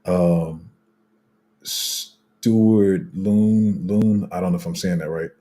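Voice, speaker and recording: A man's voice: low voice, steady tone, extremely slow, mellow. A man hosting a casual crypto livestream, rambling through viewer comments with lots of fillers, restarts and slang.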